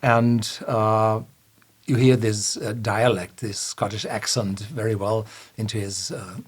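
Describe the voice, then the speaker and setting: A man's voice: fairly low pitch, flat delivery, slow pace, breathy edge. A man, a whisky reviewer casually retelling a film scene, hesitant with many fillers and self-corrections. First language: German.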